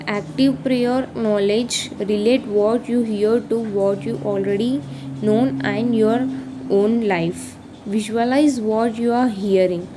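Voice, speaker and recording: A woman reads short lesson points off her slides, slow and halting, often going back to say a line again. Her voice is mellow and dark. A faint hum of room ambience sits behind her. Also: a little high, poor audio. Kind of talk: reading slide points aloud.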